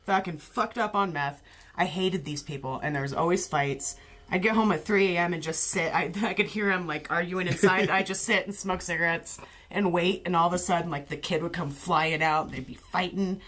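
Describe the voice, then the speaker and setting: A woman's voice: lowish voice, a little fast, a bit bright. A woman chatting casually as a co-host and spinning a story full of swearing and dry sarcasm. She laughs often and jumps into other people's voices as she tells it. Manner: profane, sarcastic. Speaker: podcast co-host.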